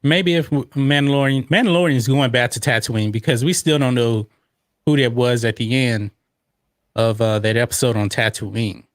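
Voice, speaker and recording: A man's voice: mid-range voice, fairly even intonation, moderate pace, dry recording, clean studio sound. A man hosting a podcast, chatting casually through a movie watch-along and reading out viewer comments. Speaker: podcast host.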